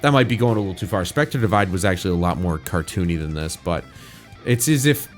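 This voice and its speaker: A man's voice: low-pitched, animated, fast talker, faint music behind. A young man hosting a reaction video, talking through his thoughts in a rambling, candid way with frequent restarts. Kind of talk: casual spoken reaction commentary.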